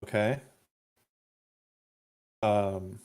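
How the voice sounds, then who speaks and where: A man's voice: fairly low pitch, fairly even intonation, very slow, darkish tone. A man narrating as game master of a tabletop game, laughing often and thinking aloud with fillers.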